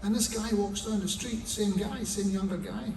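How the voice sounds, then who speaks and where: A man's voice: sits high, steady tone, moderate pace, a crowd in the background. An older man, a singer-songwriter, telling wry, chatty stories onstage between songs and swearing now and then. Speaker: singer-songwriter performing solo. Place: theatre stage before an audience. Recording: echoey theatre, mic heard from a distance. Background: audience ambience.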